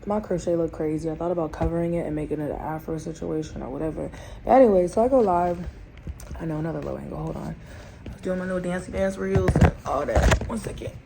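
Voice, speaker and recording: A woman with a low, gravelly voice talks quickly over some background noise. She's vlogging at home with her camera propped in front of her, ranting casually in a chatty storytime and speaking straight to viewers with slang. She stays lively and laughs as she rants.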